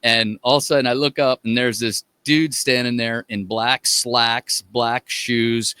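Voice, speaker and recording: A man's voice: medium pitch, steady tone, unhurried, pushed and bright, clear, resonant tone, dry recording. A man, a musician guest on a podcast, chatting casually in a rambling way. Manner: rambling, with many fillers and restarts, laughs often. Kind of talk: casual chat.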